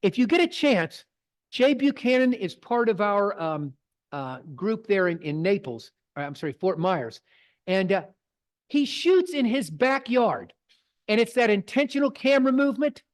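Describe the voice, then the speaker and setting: A man's voice: high voice, big pitch swings, normal speed. A middle-aged man, presenting to a photography club in a folksy, digressing storytelling way. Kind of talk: casual talk with slides. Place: club meeting room.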